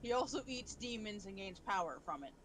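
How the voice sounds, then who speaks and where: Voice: medium pitch, lively intonation, a little fast, fairly bright tone, a little hiss or hum. A co-host on a game stream, chatting casually and recounting anime plots. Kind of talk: casual gaming stream chat.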